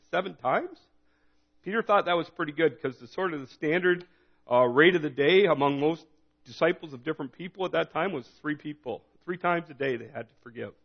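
A man preaching a sermon in a relaxed, conversational way, reading scripture and retelling it in his own words. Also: fairly high pitch, vocal fry. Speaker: pastor. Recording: dull lo-fi recording.

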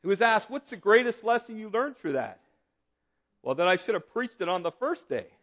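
A male pastor preaching a sermon, telling a story with repeated emphatic phrases that drop low and quiet for drama. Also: big pitch swings, normal speed, highs cut off.

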